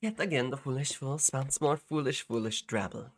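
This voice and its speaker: A woman's voice: a bass voice, normal speed, slight background noise, voice pushed up. A woman voicing a haughty young woman prosecutor with a put-on French-sounding accent, sneering and contemptuous.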